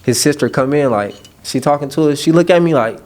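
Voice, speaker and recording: A man's voice: on the high side, brisk, slight background noise. A young man from Los Angeles, a rapper, telling slangy rambling stories in a casual interview. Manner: slangy, rambling, animated street storytelling.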